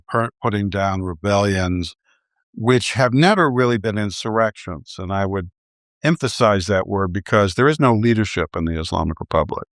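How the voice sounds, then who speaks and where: A man with a low, deep voice talks through policy questions in a measured way, pausing and restarting his sentences often. He sounds like a guest analyst in a discussion. The sound is close and dry. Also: no room sound. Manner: measured, halting, frequent restarts.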